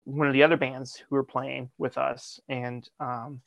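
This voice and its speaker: A man from Michigan, a metal band member, telling a story in a casual interview, animated and profane, acting out the dialogue. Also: mid-range voice, measured pace, creaky, no room sound.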